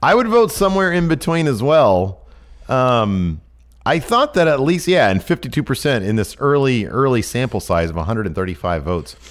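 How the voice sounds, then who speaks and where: A man co-hosting a casual wrestling podcast, jokey and chatty, dropping into low mumbles. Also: sing-song, moderate pace. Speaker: podcast co-host.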